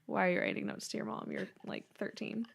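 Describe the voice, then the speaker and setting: A young woman co-hosting a casual podcast, playful and sarcastic, with quick reactions and frequent laughs. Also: mid-range voice, level tone, vocal fry, breathy edge. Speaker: podcast co-host. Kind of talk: casual chat.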